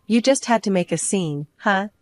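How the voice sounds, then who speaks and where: A woman's voice: mid-range voice, expressive, moderate pace, no room sound, close to an everyday voice. A woman voicing a controlling adult husband who talks in a firm, clipped, scolding way in a storybook narration. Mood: stern.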